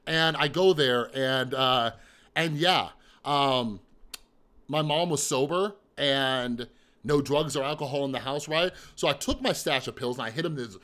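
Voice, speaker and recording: On his mental health vlog, a man in his thirties candidly tells his own story in a mid-range, slightly bright voice at an unhurried pace. He's blunt and profane, repeating himself for emphasis and making rhetorical asides to the listener.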